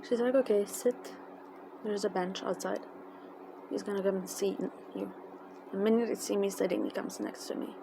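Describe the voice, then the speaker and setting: A woman with a tells an emotional personal story in a halting, casual way, with many fillers and restarts. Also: mid-range voice, steady tone, creaky. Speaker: fan telling a personal story. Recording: noisy background.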